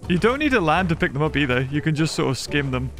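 A man's voice: on the high side, very animated, quick pace. A British man hosting a casual let's-play, playful and giggly. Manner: giggly, playful, often laughing. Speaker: gaming channel host. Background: game music.

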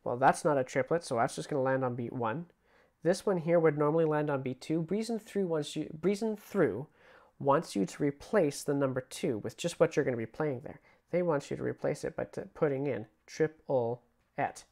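A man's voice: fairly high pitch, moderate pace. Chatty male music teacher. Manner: relaxed and chatty, sings rhythms aloud while explaining. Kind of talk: casual online music theory lesson.

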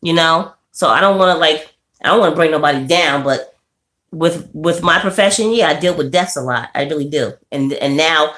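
A woman chats casually on her livestream, with a voice that sits fairly low. She laughs often, sinking to a quiet, somber tone and then jumping up high and bubbly as she greets her viewers. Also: normal speed. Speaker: livestream host.

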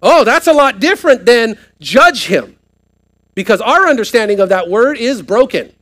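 A pastor preaches to his congregation with a high-pitched voice. He keeps asking the room questions and drives each point home with rising emphasis. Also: big pitch swings, normal speed, fairly bright tone. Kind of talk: sermon. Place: church sanctuary, live service.

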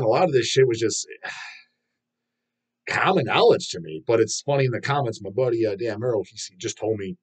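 A man hosting a metal video channel, ranting in a rambling, profane and scornful way. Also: medium pitch. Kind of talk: casual ranting vlog.

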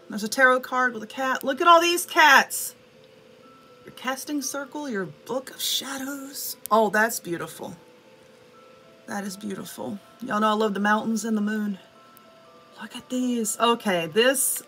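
A woman with a Southern US accent chatting excitedly to viewers as she unboxes nail art supplies, gushing over each item. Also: on the high side, a little slow, faint music behind. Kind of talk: casual unboxing chat.

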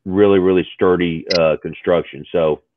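A man hosting a live-stream interview, speaking haltingly with many fillers. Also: low voice, fairly even intonation, noisy background. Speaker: show host. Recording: tinny phone-like audio.

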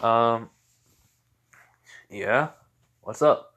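A man's voice: medium pitch, drawn-out words, a bit bright. A cool young hero answers with a shrug in his voice, offhand and unbothered, as a man plays him. His tone stays in an ordinary everyday range. It is part of a casual spoken fan story. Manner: laid-back, offhand.

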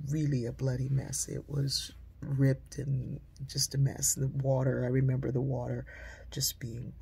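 Husky raspy woman telling a story, gravelly edge, mellow dark tone, talks casual and low. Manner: conversational, drops to a hush for quoted lines. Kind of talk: personal storytelling.

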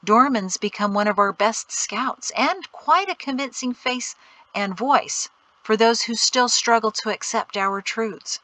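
A woman reading aloud voices a calm, knowledgeable male guide who explains things steadily. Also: high-pitched, unhurried, no echo, rough recording.

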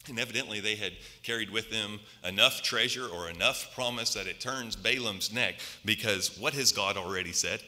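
A male preacher delivers a Sunday sermon in a very bright, sharp voice, telling the story and pressing the congregation with rhetorical questions. His speech carries through a church sanctuary with a long reverb. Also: fairly low pitch, moderate pace.

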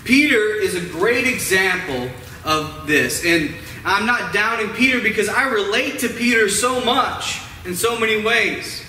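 High bright-voiced guy preaching, dramatic, phrase ends trail soft, roomy echo, little room noise. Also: expressive. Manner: dramatic, drawn-out emphasis with falling, softening phrase ends. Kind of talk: sermon. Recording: roomy echo, mic at a distance, faint ambience.

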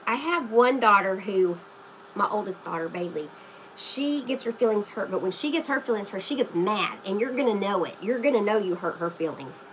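A woman's voice: medium pitch, expressive, normal speed, slight background noise, poor audio. A woman hosting a casual live craft stream, chatting to viewers by name while she paints. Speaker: craft livestream host.

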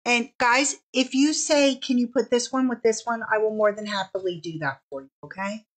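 A bubbly woman hosts a casual live shopping stream, talking fast and warmly to viewers. Her voice sits a little high, and she lingers on each product name as she holds it up. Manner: bubbly, chatty, draws out product names. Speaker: live sale host.

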